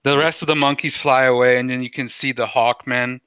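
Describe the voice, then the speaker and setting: A man's voice: mid-range voice, steady tone, a little fast, bright, forceful tone, clear, resonant tone, dry recording. A young man running a tabletop game in a casual, easygoing way. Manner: casual, easygoing, laughs often. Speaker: game master.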